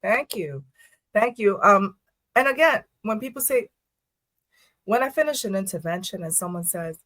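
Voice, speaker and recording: A woman talks through her first-responder work in an animated, storytelling way, with quick asides and bursts of laughter. Her pitch sits mid-range, and the recording is close and dry. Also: no room sound. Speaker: first responder and poet guest. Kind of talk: casual podcast interview talk.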